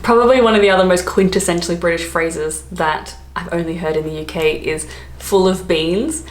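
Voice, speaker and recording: Young Australian woman vlogger, low-ish voice, playful and chatty; roomy echo, faint hiss behind. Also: normal speed. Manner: chatty and playful, laughing between points. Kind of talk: casual explainer vlog. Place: home during lockdown. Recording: echoey room, faint background hiss.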